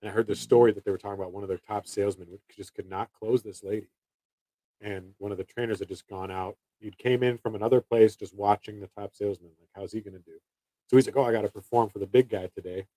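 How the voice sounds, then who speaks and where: A man in his thirties talks casually about his sales work. His voice is low and mellow. He rambles and restarts his sentences, and the sound is dry and close. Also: fairly even intonation, quick pace, no echo, rough recording. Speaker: door-to-door salesman. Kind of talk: casual chat.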